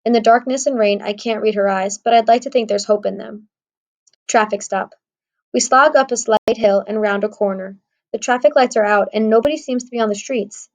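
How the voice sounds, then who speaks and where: A woman's voice: on the high side, fairly quick, darkish tone, poor audio. A woman narrating an audiobook in the first person, wry and conversational.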